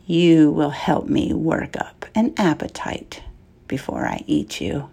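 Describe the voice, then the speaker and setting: A woman voicing a huge, wicked, boastful male dragon in a storybook, speaking in a slow, sneering, menacing way. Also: sits low, wildly swooping pitch, gravelly, mellow, breathy edge, heavily acted.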